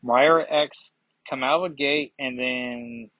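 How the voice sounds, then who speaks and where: A man reviewing a comic casually, reading aloud with halting fillers and asides. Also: mid-range voice, fairly bright tone, dry recording, dull audio.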